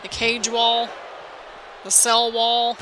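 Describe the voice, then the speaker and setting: A woman giving excited, anxious play-by-play commentary over a wrestling video game, exclaiming often and talking to viewers as "people". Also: a little high, slow pace, background noise. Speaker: gaming video host.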